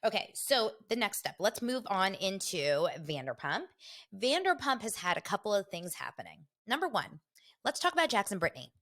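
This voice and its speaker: A woman's voice: mid-range voice, sing-song, normal speed, a bit bright. A middle-aged woman hosting a casual solo podcast, chatty and gossipy, often slipping into quoted voices. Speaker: podcast host.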